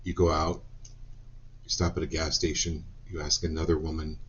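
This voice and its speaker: Man, very deep voice, live-stream spiritual reader, gentle repeated affirmations, rambling asides, muffled lo-fi audio. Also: level tone, moderate pace, a little hiss or hum.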